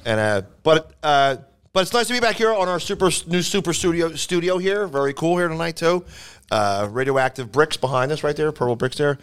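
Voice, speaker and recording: Podcast guy in a studio, clear smooth voice, rambly easygoing chat. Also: a little high, expressive, fairly quick. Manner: rambling, many restarts and fillers. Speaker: podcast co-host. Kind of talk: casual chat.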